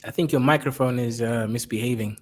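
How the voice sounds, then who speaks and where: A man reacting to a video in casual commentary, animated and jokey. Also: brisk. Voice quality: animated and jokey, with swings in pitch. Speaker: reaction streamer.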